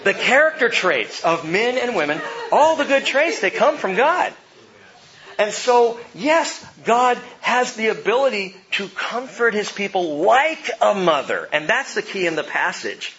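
A middle-aged man preaching a sermon, telling stories with swings from hushed to loud. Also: high-pitched, sing-song, a little slow, lo-fi sound. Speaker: pastor.

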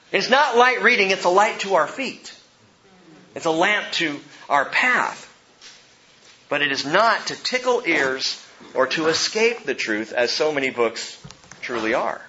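A male pastor preaching a verse-by-verse sermon with emphasis, his voice rising and falling between soft and loud. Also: high-pitched, dull audio.

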